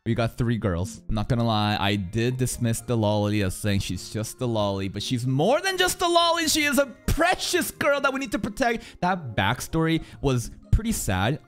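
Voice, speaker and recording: A man streams his reaction to an anime, swearing freely and breaking into sudden shouts. His pitch leaps and dives constantly as he talks. Faint music from the show plays underneath. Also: sing-song, moderate pace, hardly any pauses. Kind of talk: live anime reaction commentary.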